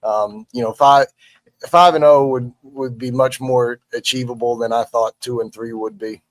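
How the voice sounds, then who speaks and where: A man's voice: medium pitch, steady tone, dry recording. A man, casually analyzing football with lots of restarts and fillers. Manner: halting, many restarts and fillers. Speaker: sports analyst. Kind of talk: casual sports talk.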